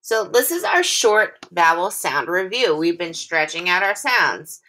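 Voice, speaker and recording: A woman teaching a phonics lesson to young children, patient and encouraging, stretching her sounds out slowly and clearly. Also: fairly low pitch, sing-song, sharp tone, a little hiss or hum.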